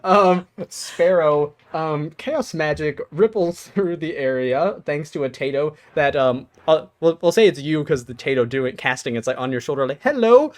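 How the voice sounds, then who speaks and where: Here is a man at the head of a tabletop game, narrating scenes and rulings. He sits a little high in pitch for a man and keeps breaking into giggles between lines. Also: normal speed, hardly any pauses. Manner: giggly, laughs often, lots of ums. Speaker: game master.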